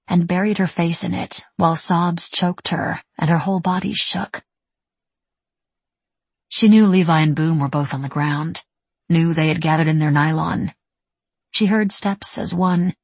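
Husky, breathy woman narrator. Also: lowish voice, darkish tone, no echo. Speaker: audiobook narrator. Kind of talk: scripted narration.

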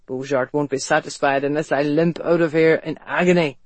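A man's voice: a little high, fairly even intonation, fairly quick, no room sound, pitched below the performer's own voice, lightly acted. A narrator voicing a brooding young man, speaking in a dry, self-mocking way in a storybook reading. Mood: teasing.

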